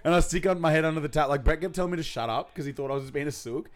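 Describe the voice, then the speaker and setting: A man's voice: on the high side, racing. A young Australian man co-hosting a podcast, telling stories in casual chat, laughing and swearing freely. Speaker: podcast co-host.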